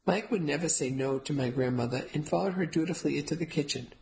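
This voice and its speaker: Woman reading a novel aloud, slightly gravelly. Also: low voice, quick pace, darkish tone, low-quality recording. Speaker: audiobook narrator. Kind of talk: first-person novel narration.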